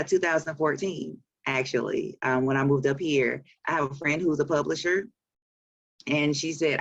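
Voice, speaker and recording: A woman's voice: low-pitched, dry recording, highs cut off. A woman in her forties with a Southern US accent, an author talking about her work in a casual interview, chatty and laughing often. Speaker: author and publisher.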